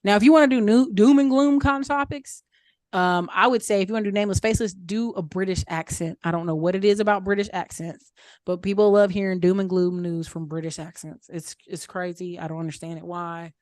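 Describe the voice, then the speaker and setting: A woman in a mid-range voice talks through advice in a relaxed, chatty way, sprinkling in "um" and "like" and circling back to stress her points. The sound is dry and close, with little room to it. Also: medium pitch, fairly quick, no echo. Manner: chatty, frequent fillers like "um" and "like"; upbeat advice-giving, repeats points for emphasis. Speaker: mastermind group speaker. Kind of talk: casual Q&A coaching on an online call.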